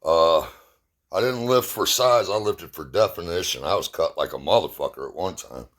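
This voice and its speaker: A man's voice: low voice, normal speed, fairly bright tone. Profane, rambling man telling stories. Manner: rambling, profane, self-mocking. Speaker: vlogger. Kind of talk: casual storytelling.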